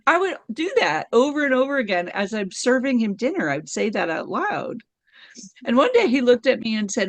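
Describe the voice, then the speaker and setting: Middle-aged woman with a gravelly, lively voice. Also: on the high side, normal speed, dry recording. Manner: animated, laughs often. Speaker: podcast guest. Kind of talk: conversational storytelling.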